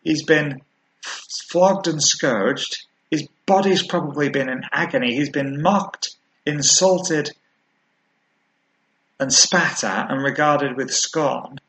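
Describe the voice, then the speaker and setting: Slow, earnest male preacher. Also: a little high, a bit bright, poor audio. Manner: earnest, measured preaching with slowed emphasis on key words. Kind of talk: sermon.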